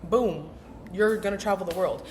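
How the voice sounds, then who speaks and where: Her medium-pitched, darkish voice moves at normal speed, with slight background noise behind it. This young woman vlogs casually about mindset, staying chatty, emphatic and slangy while playing out her inner voices.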